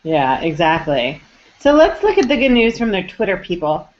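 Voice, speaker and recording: A woman hosting a live online chat show, upbeat and quick to laugh. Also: lowish voice, big pitch swings, darkish tone. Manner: bubbly, upbeat, laughs easily. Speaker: host. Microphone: video call. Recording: dull lo-fi web call audio.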